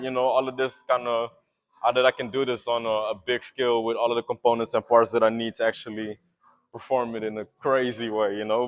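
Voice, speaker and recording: A young man vlogging in an excited, loose, rambling way, laughing often and cheering. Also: medium pitch. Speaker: maker vlogger. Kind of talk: excited casual vlog.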